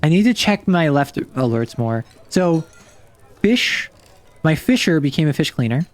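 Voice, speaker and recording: A man's voice: a little high, very animated, a little slow. A man streaming a game, thinking aloud in a rambling, casual way. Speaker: vtuber streamer. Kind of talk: casual livestream commentary while playing.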